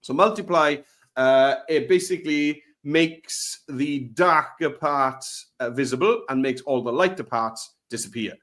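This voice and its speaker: A man co-hosting a live software lesson, playful and chatty as he demonstrates the steps. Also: on the high side, measured pace. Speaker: co-host, design tutor.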